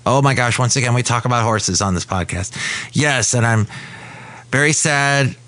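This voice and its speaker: A man's voice: medium pitch, brisk, fairly bright tone, no echo. A man from California hosting a comedic podcast from a café, rambling and correcting himself as he talks. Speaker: podcast host. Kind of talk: casual comedic podcast chat.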